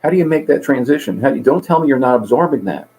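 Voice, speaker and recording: In a rough recording, a middle-aged man with a mid-range, darkish voice speaks expressively and rapid-fire. As a guest peer support coordinator in a conversational interview, he earnestly tells stories and gives voices to the people in them.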